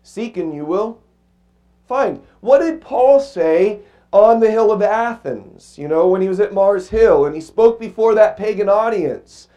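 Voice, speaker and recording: A male pastor preaching a sermon with a cracking voice, reading scripture slowly and emphatically and asking the congregation questions. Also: sits high, lively intonation, dark tone, dull audio.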